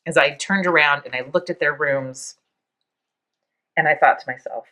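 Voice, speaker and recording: A woman in her fifties hosting a podcast, speaking in a reflective, halting way, close to tears and laughing softly now and then. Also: sits low. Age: 50s. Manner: soft, halting, near tears, with small laughs. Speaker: podcast host. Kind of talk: reflective personal monologue.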